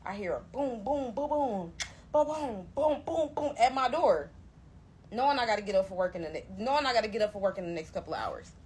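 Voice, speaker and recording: A young woman telling a personal story to camera, animated and emphatic, talking straight to her listeners. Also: fairly high pitch, fairly quick. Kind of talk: storytime narration.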